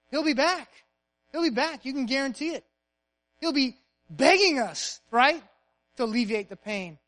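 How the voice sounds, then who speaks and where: A male preacher voicing a calm, assured dentist in a sermon story, repeating his point with confidence. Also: extremely high pitch, voice pushed up. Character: calm, knowing small-town male dentist.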